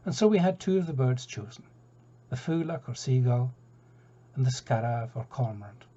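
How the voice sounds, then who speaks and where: A man's voice: mid-range voice, lively intonation, moderate pace, dark tone. A Scottish man telling a folk tale aloud in a chatty way, with asides to his listeners. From Scotland. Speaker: storyteller. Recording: dull lo-fi recording.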